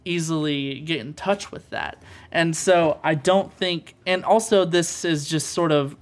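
A man's voice: fairly high pitch, measured pace. A man co-hosting a podcast, chatting casually about films in an earnest, rambling way with many fillers. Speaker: podcast co-host.

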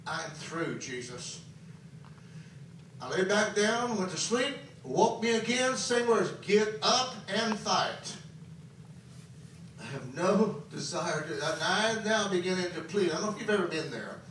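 A man preaching a sermon, swinging between soft and loud and repeating phrases for emphasis. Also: high-pitched, animated, moderate pace, few pauses, a little hiss or hum. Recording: very echoey hall, voice from far off.

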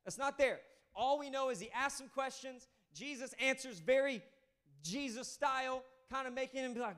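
A male pastor preaching a sermon in a conversational, animated way, acting out quoted voices. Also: extremely high pitch, normal speed.

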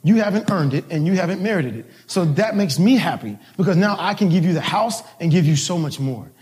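A man's voice: high-pitched, animated, a little fast, a little mellow. A male pastor telling a personal story in a sermon, casual and laughing, with many restarts. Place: church service.

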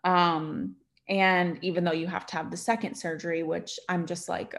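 A woman's voice: on the low side, moderate pace. A woman hosting her own podcast, talking candidly in a rambling, conversational way and retelling what people said to her. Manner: candid and rambling, with many fillers and retold dialogue. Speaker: podcast host. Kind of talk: casual confessional chat.

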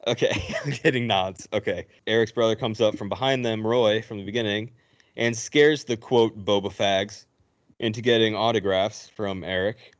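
A man's voice: on the low side, steady tone, normal speed. A man hosting a podcast, retelling a film's plot in casual chat and acting out the characters' lines. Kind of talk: casual movie recap. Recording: dull lo-fi recording.

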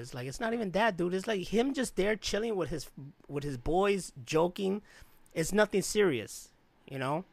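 A man's voice: fairly high pitch, lively intonation, a little fast, vocal fry, no echo. A man from Chicago in casual podcast chat, rambling through a personal story and acting out the voices of people he quotes. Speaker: podcast co-host.

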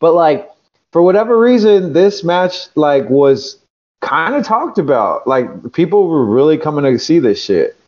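A man's voice: a little high, sing-song, a little slow, a little mellow, highs cut off. A man from California, a pro wrestler guest, telling a rambling, profane story in casual chat and acting out the other people's lines. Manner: profane, rambling, acts out quotes.

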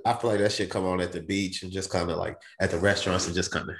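A man's voice: low voice, steady tone, fast talker, creaky, a bit bright. A man co-hosting a podcast, laid-back and teasing, his nose stuffed up. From USA. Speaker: podcast co-host. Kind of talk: casual chat.

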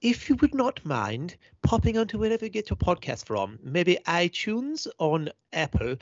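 A man putting on a posh, stiff gentleman. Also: high voice, big pitch swings, normal speed, no room sound. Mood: mock-formal. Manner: plummy, stilted politeness. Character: posh, overly formal man reading an outro. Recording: dull lo-fi sound.

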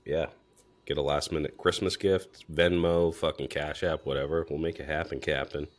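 A man with a strikingly deep voice co-hosting a casual podcast. He talks in a relaxed, agreeable way. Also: moderate pace. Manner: laid-back, agreeable. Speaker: podcast co-host.

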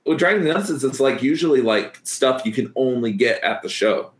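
A man's voice: mid-range voice, expressive, moderate pace. A man co-hosting a podcast in casual chat, rambling with lots of fillers and laughing often. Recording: echoey room.

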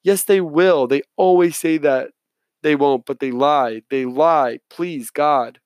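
A man voicing a young boy in an audiobook, a gentle, hopeful child who turns frightened and pleading. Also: on the high side, slow, no echo. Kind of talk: audiobook character voice.

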